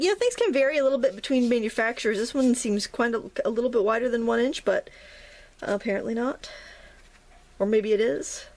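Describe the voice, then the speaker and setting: Chatty, slightly high-voiced woman teacher. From New England, United States. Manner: chatty and rambling, laughing at herself. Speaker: watercolor painting teacher. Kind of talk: casual narrated painting tutorial.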